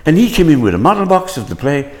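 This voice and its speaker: A man's voice: fairly high pitch, sing-song, fast. An older man, a stage actor, reminiscing in an interview with rambling, stop-start storytelling.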